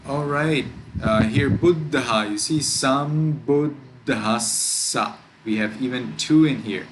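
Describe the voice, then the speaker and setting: A man who is a Buddhist monk, teaching a class how to pronounce chant words and drawing each word out slowly and carefully. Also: mid-range voice, background noise. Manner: slow, careful, demonstrates words by drawing them out.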